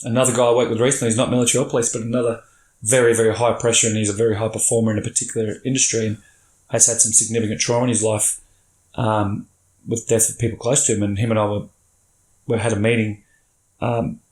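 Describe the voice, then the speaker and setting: A man's voice: on the low side, quick pace. Blunt, swearing man in a roomy space. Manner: blunt, swears freely, animated. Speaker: podcast guest. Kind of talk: candid storytelling chat. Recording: roomy echo.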